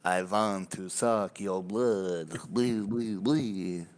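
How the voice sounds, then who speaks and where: Menacing vampire noble played by a man, growling, low, slow. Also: clean tone. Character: vampire count, menacing old male noble.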